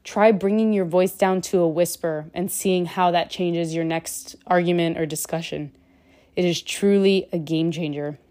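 Warm-toned woman giving earnest relationship advice. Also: lowish voice, steady tone, normal speed. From Cuban heritage. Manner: earnest, emphatic, direct. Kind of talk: casual advice monologue to camera.

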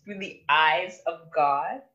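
A woman's voice: sits low, slow pace, bright, forceful tone, lo-fi sound. A woman hosting a live motivational stream who speaks emphatically and repeats words for force. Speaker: host of a live motivational show.

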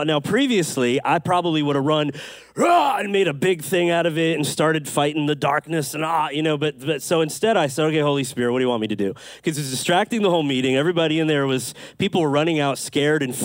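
A man preaching a sermon, telling stories with lively acted-out quotes and quick asides. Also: a little high, dry recording, studio quality. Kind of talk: sermon storytelling.

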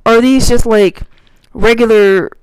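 A smooth, somewhat high female voice comes through a dry recording at an unhurried pace. Reading and reacting as a commentator, she rants with plenty of swearing, laughs, and plays out mocking confrontations with animated energy.

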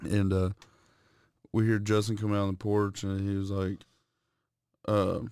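A man's voice: on the low side, flat delivery, moderate pace, darkish tone, clear, resonant tone, dry recording, clean studio sound. A man co-hosting a podcast, telling a loose, profane story in casual chat. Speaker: podcast co-host.

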